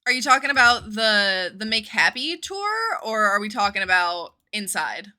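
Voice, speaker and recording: A livestreamer in her twenties chats while gaming, drifting from thought to thought and swearing casually now and then. Her very bright, bouncy voice swings widely in pitch, sing-song at a moderate pace.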